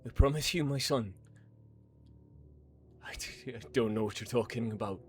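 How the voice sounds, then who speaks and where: A man voicing a wary priest in a confessional who speaks in a hushed, evasive, pastoral way. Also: medium pitch, normal speed, faint music behind, close to an everyday voice.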